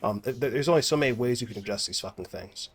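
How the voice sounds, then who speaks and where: This gaming streamer talks fast in a mid-range voice with a breathy edge. He's a young man giving profane, meandering commentary over his gameplay, starting over again and again.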